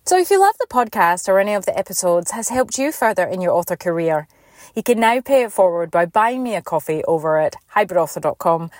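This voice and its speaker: A woman's voice: fairly low pitch, very animated, brisk, a little mellow, no echo, soft background music. Scottish woman hosting a chatty podcast. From Scotland. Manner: chatty and meandering, with frequent restarts. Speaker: podcast host. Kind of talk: casual podcast chat. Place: Perth, Australia.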